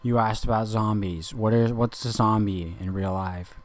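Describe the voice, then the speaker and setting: A young man with a lowish voice speaks at a normal pace with fairly even intonation. He lectures a listener in an intense, confrontational, rambling monologue, circling back over the same points.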